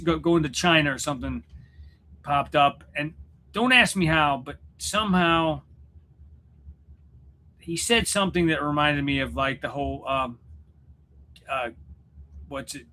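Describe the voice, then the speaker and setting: A man with a bright, forward voice hosts a casual livestream chat. He rambles and jokes, restarting his sentences as he goes. A faint hum of noise sits under the voice. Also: on the high side. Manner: rambling, self-interrupting, joking. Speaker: YouTube channel host and musician. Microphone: computer setup at home.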